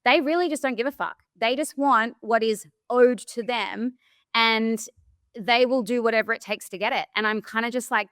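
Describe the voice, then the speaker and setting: A woman's voice: on the high side, moderate pace, dry recording. An Australian woman in her thirties co-hosting a podcast, telling stories frankly and animatedly in casual chat. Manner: frank, animated storytelling with laughs and swearing. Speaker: podcast co-host.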